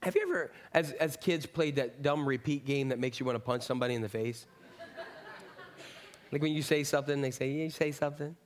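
A man's voice: mid-range voice, a little fast. A middle-aged man preaching a sermon in a conversational, rambling way with asides and jokes. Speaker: pastor.

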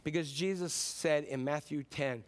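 A man preaching a sermon as pastor, telling stories in a casual, animated way with sudden whoops and cheers. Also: fairly high pitch, measured pace.

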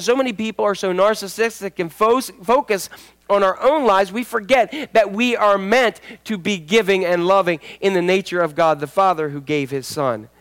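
A man's voice: high voice, fairly bright tone. A male pastor giving a folksy sermon, repeating phrases for emphasis and telling homely stories.

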